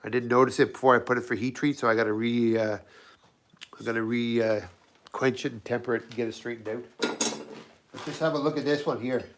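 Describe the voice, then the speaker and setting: A man's voice made scratchy by a cold. He talks loosely through a workshop demo, often breaking off and restarting sentences. His pitch sits in a middling range for a man. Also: steady tone, moderate pace. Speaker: knifemaker and channel host. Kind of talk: casual workshop livestream demo. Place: home workshop.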